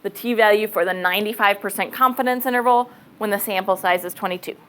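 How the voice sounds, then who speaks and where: A woman's voice: medium pitch, fast, a bit bright, rough recording. Chatty woman teaching a math class. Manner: casual, chatty, thinks aloud, says okay often. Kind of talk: classroom lecture. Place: classroom with students.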